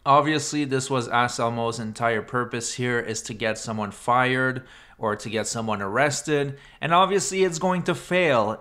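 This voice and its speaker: A man with an ordinary middle-pitched voice delivers a mocking commentary voice-over. His tone stays sarcastic and scornful throughout. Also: pushed and bright. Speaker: commentary narrator.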